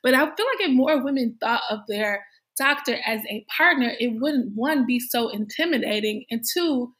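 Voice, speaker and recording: A woman's voice: fairly high pitch, lively intonation, normal speed, fairly bright tone. A woman hosting a podcast, asking questions eagerly and thinking aloud with lots of "like". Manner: enthusiastic, thinks aloud with fillers. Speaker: podcast host. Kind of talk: conversational interview.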